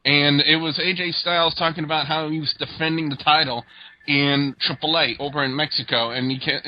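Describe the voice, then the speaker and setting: A man hosts a laid-back wrestling review, recapping events in a rambling way full of fillers. His voice sits a bit high, and the podcast audio is dull and lo-fi. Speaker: host. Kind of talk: casual wrestling review chat.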